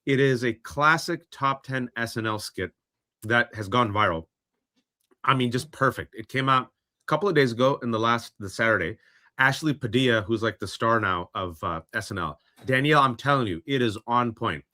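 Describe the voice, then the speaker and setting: A man's voice: mid-range voice, moderate pace, sharp tone. A man ranting sarcastically in impassioned political commentary on a podcast, slipping into mock voices. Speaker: podcast co-host.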